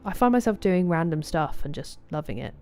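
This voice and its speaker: A woman's voice: fairly low pitch, lively intonation, a little fast, darkish tone, soft background music. A woman from southeast England with a southeast English accent, chatting casually with live viewers while streaming a game and greeting them by name.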